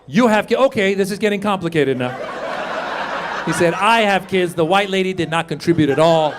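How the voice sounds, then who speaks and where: A man doing a stand-up comedy set, loudly working the crowd on a club stage. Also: high-pitched, a little fast. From Iran. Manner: loud animated crowd work. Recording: live club with crowd noise. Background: audience laughter.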